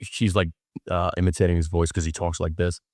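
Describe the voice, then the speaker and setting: A man's voice: deep voice, flat delivery, a little fast, darkish tone, no echo, clean studio sound. A young man hosting a podcast, telling stories in a loose, joking way with lots of fillers. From Wisconsin. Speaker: podcast host. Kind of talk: casual storytelling monologue.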